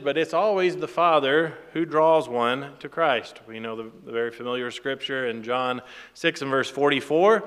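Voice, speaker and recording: A man giving a sermon in a relaxed, conversational way, with fillers and small laughs between points. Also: fairly high pitch, big-room sound. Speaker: pastor.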